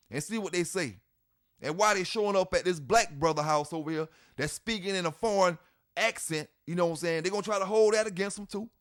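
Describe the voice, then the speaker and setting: A man's voice: high voice, fairly bright tone. A man hosting his channel, giving fired-up, blunt commentary that swears, repeats points and laughs scornfully. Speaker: channel host. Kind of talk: ranting commentary to camera.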